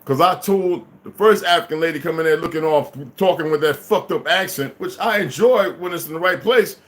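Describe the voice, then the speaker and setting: Guy in his 50s going off in a cussing rant, voice a bit on the high side. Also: fairly quick. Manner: profane, heated ranting. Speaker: vlogger. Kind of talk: unscripted monologue.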